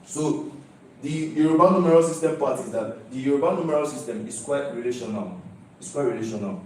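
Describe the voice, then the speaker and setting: A man's voice: mid-range voice, lively intonation, brisk, slight background noise. Young man presenting in an echoey hall. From Nigeria. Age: young adult. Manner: emphatic, repeats key phrases, keeps asking "do you understand?". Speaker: student presenter. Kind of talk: live project presentation. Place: large lecture hall. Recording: echoey hall, heard from a distance.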